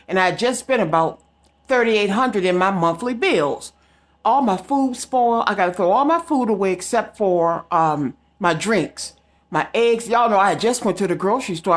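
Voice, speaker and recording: A woman telling a story straight to her viewers in a casual vlog, emphatic and direct. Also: mid-range voice. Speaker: psychic vlogger.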